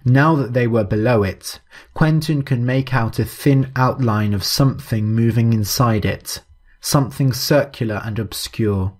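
A man narrating a story in a measured, even, scripted way. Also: mid-range voice.

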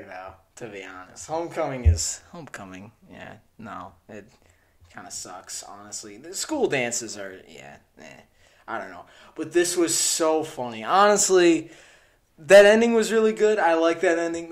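Young male reaction host, gushing and giggly, slightly high-pitched. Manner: giggly, gushing, laughs often. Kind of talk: casual reaction commentary.

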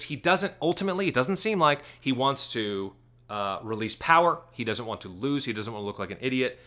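Bright-voiced sarcastic male commentator. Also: mid-range voice, sing-song. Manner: sarcastic, rapid-fire questioning. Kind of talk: commentary on a video clip.

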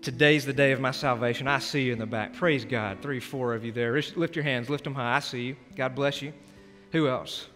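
Earnest pastor with a bright voice in a reverberant church. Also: male voice, medium pitch, a little fast. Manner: earnest, pleading, swings from loud urging to hushed prayer. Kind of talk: sermon altar call. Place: church sanctuary. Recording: long church hall reverb with soft music.

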